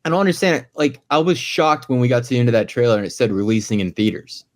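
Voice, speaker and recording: Jokey man with a lively voice. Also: medium pitch, quick pace. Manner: jokey, self-mocking. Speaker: podcast co-host. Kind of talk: casual chat.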